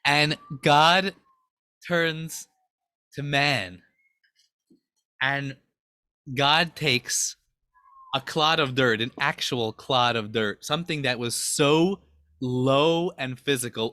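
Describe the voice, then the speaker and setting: A man teaching a Torah class, retelling a story with dramatic excitement. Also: mid-range voice, dry recording, clean studio sound.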